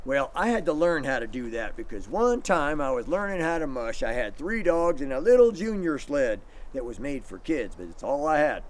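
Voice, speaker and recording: Animated man teaching dog sledding. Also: fairly high pitch, moderate pace, hardly any pauses. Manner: animated storyteller, acts out shouted commands. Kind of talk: outdoor demonstration for kids.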